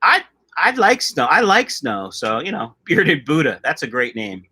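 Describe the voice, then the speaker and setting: Slightly high and a little slow, his pitch swoops wildly, and the bright, pushed delivery carries over slight background noise. He's a middle-aged fish-keeping streamer who chats loosely, jokes while reading comments aloud, and strays off topic.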